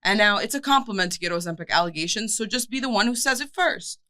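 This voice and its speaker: A woman's voice: medium pitch, lively intonation, fast talker, pushed and bright, dry recording. A young woman co-hosting a podcast, talking bluntly and sardonically with frequent laughs. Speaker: podcast co-host. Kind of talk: casual chat.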